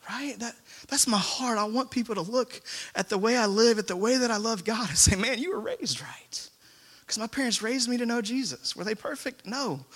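A man's voice: high-pitched, pushed and bright. A man preaching a sermon to a congregation in a church, talking in a conversational, self-deprecating storytelling way. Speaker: pastor. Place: church sanctuary before a congregation.

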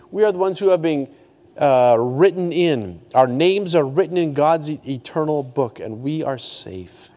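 A man preaching a sermon as a pastor, swinging from high emphatic peaks to hushed low lines. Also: long reverb tail.

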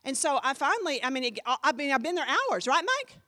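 A woman pastor teaching a class, telling a story in an animated, emphatic, chatty way full of fillers. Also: high voice, fast, dry recording, studio quality.

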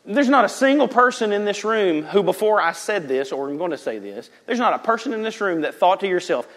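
A pastor preaching a sermon in a church, swinging from loud emphasis to hushed near-whispers and acting out quotes. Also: male voice, sits high, big pitch swings, fairly quick, hardly any pauses. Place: church sanctuary.

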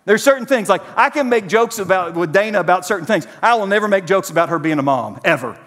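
A pastor in his forties preaches to his congregation with a high, animated voice that rises and falls constantly. His delivery is direct and conversational. The sound carries a long reverb from a large church sanctuary. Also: quick pace. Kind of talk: sermon.

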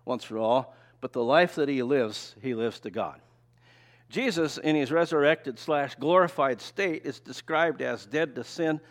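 A man's voice: on the high side, fairly bright tone. Older male preacher, folksy and conversational, keeps throwing rhetorical questions at the room. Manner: folksy, tells personal stories. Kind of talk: sermon with slides.

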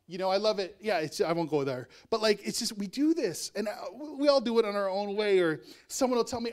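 A man's voice: high voice, lively intonation, fast talker, few pauses. A male pastor preaching a sermon in a conversational way, with asides and chuckles.

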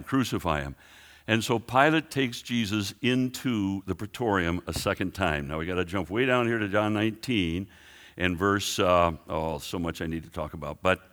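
Male preacher, slightly low voice, conversational sermon full of asides. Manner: animated, conversational, frequent restarts and asides.

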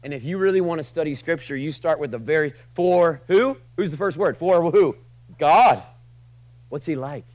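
A man preaching a sermon to a room, casual and joking, swinging from loud passionate lines to quiet asides. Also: fairly high pitch, normal speed, rough recording. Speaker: pastor.

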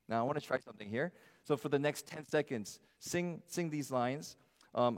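A middle-aged man preaching a sermon as pastor, swinging from loud, high emphasis to soft, low asides. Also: normal speed. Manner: animated preaching, rising loud then dropping soft. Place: church sanctuary. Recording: long hall reverb.

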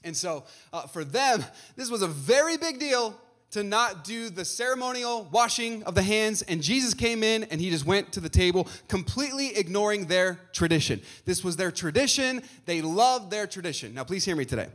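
Energetic preacher man, lively delivery. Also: high voice, moderate pace. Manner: preaching with frequent uh fillers and repeated phrases; asks the congregation for responses. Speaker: pastor. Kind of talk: sermon.

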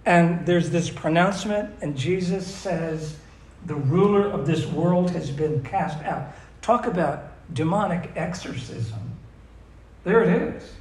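A man preaching a sermon, emphatic, reading scripture slowly and asking his listeners questions. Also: a little high, darkish tone, roomy sound, rough recording. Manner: emphatic, asks the audience questions, reads verses slowly.

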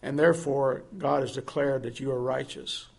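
A man's voice: mid-range voice, flat delivery, moderate pace, vocal fry, husky. A man preaching a sermon, earnest and asking his listeners direct questions.

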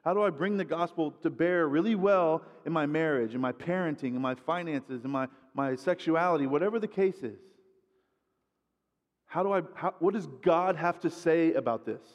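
Conversational preacher in an echoey hall. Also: male voice, a little high, moderate pace. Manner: conversational, repeats words while building points. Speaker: guest preacher. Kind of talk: sermon.

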